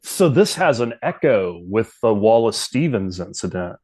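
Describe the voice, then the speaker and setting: A man's voice: fairly low pitch, big pitch swings, normal speed, darkish tone, breathy edge. Man telling a story casually. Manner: loose, rambling, many fillers.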